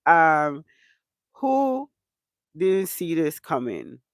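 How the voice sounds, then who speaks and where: A man's voice: medium pitch, slow pace, creaky, a bit bright, no room sound. A man hosting a casual reaction chat with a stuffed-up nose, talking in a chatty way with many "um" fillers. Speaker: reaction channel host.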